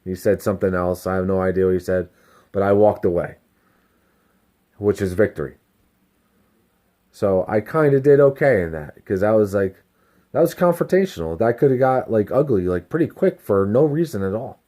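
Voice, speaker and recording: Mellow-voiced man rambling candidly. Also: on the low side, expressive, moderate pace, long pauses. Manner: rambling, candid, self-reflective, swears freely. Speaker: delivery driver. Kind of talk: casual self-help vlog monologue.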